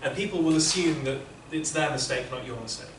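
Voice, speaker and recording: A man's voice: a little high, fairly quick, noisy background. A man teaching interpreting, giving patient, explanatory feedback to students in a classroom. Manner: patient, explanatory, many restarts. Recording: echoey classroom from far off.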